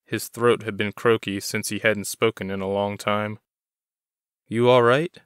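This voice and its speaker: A man reading a story aloud in an even, steady way. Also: on the low side, normal speed, clean tone, dry recording, clean studio sound. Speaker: narrator. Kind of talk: audiobook reading.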